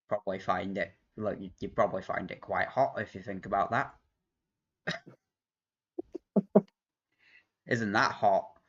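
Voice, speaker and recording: A man's voice: low-pitched, steady tone, takes it slowly, long pauses, a bit bright. A man hosting a live stream, rambling in casual chat, laughing often and swearing freely. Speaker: livestream host. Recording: dull lo-fi stream audio.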